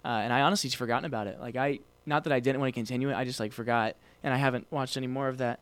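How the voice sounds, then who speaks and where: A man's voice: mid-range voice, steady tone, very fast, clear, resonant tone. A man co-hosting a podcast in casual chat, rambling with many fillers and restarts. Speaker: podcast co-host.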